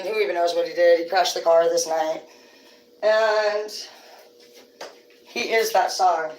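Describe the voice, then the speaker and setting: A woman's voice: fairly low pitch, measured pace, long pauses, a little hiss or hum. Rambling, foul-mouthed woman livestreaming. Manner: rambling, profane storytelling. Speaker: livestream host. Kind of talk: casual livestream chat. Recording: roomy sound from a distant mic.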